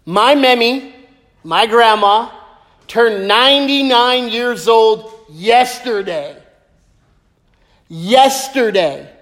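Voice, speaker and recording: A man preaching a sermon as pastor, lively and joking as he tells stories. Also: very high voice, extremely slow, pauses often. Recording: echoey hall with long reverb.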